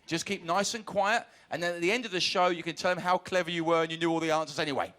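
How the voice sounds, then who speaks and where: Cheeky high-voiced warm-up man. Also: steady tone, fast talker. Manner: cheeky, joking, shouting to the crowd. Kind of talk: audience warm-up banter. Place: TV studio with audience. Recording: crowd in studio. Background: audience.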